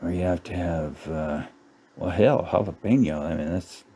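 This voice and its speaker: A man's voice: deep voice, normal speed, dark tone, husky. A middle-aged man ranting sarcastically about a menu, cursing and laughing at his own jokes. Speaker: channel host. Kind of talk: casual ranting commentary.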